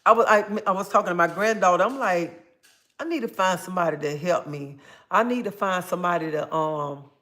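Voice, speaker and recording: An older woman hosting a casual livestream, reading viewer comments aloud and telling stories in a chatty, animated way. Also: lowish voice, fairly quick. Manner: chatty, animated storytelling with bursts of excitement. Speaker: livestream host.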